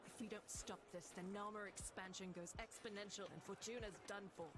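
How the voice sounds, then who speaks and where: An actress voicing a haunted young woman in a video game who has been freed from a mind-controlling cult, speaking in a halting way that turns urgent and commanding. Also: mid-range voice, fairly even intonation, very noisy, close to an everyday voice. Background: game music.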